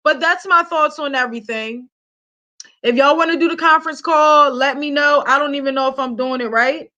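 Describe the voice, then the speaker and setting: Gossip host, woman from Philadelphia, high bright voice, blunt and chatty, talks directly to viewers. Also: moderate pace, muffled recording. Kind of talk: casual gossip commentary.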